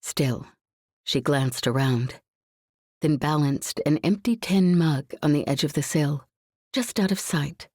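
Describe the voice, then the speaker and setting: A woman narrating a suspenseful science fiction audiobook in a measured, tense reading. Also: low voice, a little mellow, dry recording, studio quality.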